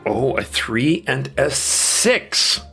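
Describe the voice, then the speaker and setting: A man narrating a tabletop game as dungeon master, in slow, descriptive turns. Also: mid-range voice, very animated, vocal fry, pushed and bright, faint music behind.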